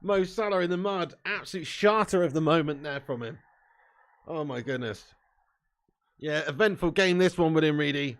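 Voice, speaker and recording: Lad doing a live footy watchalong, swears loads, reads chat, slightly high sharp voice. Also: male voice, normal speed. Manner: sweary, banter-heavy, swings from glum muttering to shouting and laughing. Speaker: live football watch-along streamer. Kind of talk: excitable live match commentary and chat reading.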